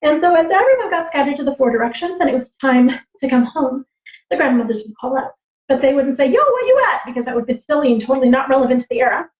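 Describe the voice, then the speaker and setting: A woman storyteller and teacher on a livestream, animated and laughing, acting out voices as she tells stories. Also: high voice, fast talker. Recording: roomy, slightly dull livestream audio.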